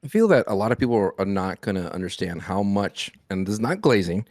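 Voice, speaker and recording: A man's voice: lowish voice, sing-song, quick pace, darkish tone, no echo, studio quality. A man co-hosting a wrestling podcast in casual chat, playful and argumentative. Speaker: podcast co-host.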